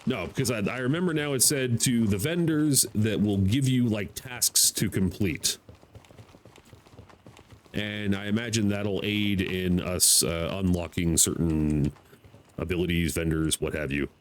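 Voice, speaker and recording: An American man streaming a game live, talking to himself, excitable and swearing freely. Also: fairly low pitch, measured pace, a little hiss or hum, poor audio. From United States. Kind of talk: live gameplay commentary.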